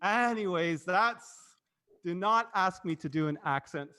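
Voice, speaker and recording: A man's voice: a little high, lively intonation, moderate pace, pushed and bright, clean tone. A man hosting a casual marketing livestream, rambling and cutting himself off, laughing easily. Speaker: host and agency president.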